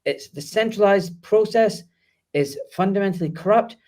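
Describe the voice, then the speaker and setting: Animated, emphatic man swearing freely. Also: high voice, normal speed. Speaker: guest doctor. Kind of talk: casual conversational interview.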